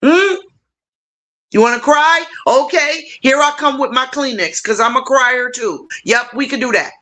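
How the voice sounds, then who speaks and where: A middle-aged woman hosting a casual livestream, warmly encouraging her viewers and talking to them directly. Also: a little slow. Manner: warm, encouraging, animated with big pitch swings; playful, addresses viewers directly. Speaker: livestream host.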